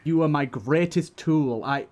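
A man's voice: a little high, unhurried, a little mellow, natural voice. Man voicing a dying old hag, scornful. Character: dying old hag, mocking and cruel, female.

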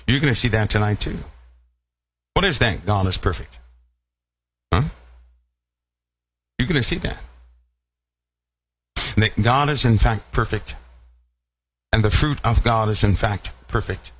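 A man's voice: lowish voice, normal speed, pauses often, fairly bright tone, husky. A man preaching a sermon, asking his listeners rhetorical questions and repeating phrases for emphasis.

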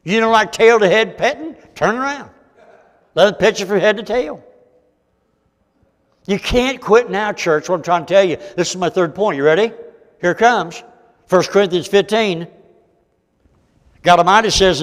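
Fervent older preacher in a reverberant church. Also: male voice, high voice, moderate pace, long pauses. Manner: fervent, folksy, pleading. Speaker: guest evangelist preacher. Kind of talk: sermon. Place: church sanctuary. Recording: long reverb of a church hall.

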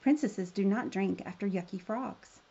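A woman's voice: moderate pace, mellow, slightly rough, muffled recording. A woman voicing a haughty, rude young princess who snaps indignantly. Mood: snappish. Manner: snappish, high and indignant.

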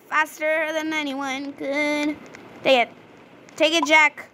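High-voiced woman chatting over gameplay. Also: a little slow, pauses often. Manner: chatty, reads game dialogue aloud, excitable exclamations. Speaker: gaming video creator. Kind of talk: casual gameplay commentary. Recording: noticeable background noise.

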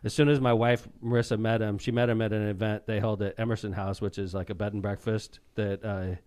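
A man's voice: lowish voice, little pitch movement, brisk, a little mellow, clean tone. A man co-hosting a casual podcast, joking around and reading ads in an upbeat announcer voice. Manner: jokey, reads ads in a hyped announcer voice. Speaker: podcast co-host. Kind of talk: casual chat and read ads.

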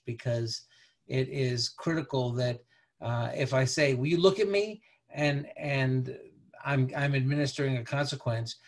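Man giving a halting slide lecture. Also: medium pitch. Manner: conversational, halting, peppered with "you know". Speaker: parenting presenter.

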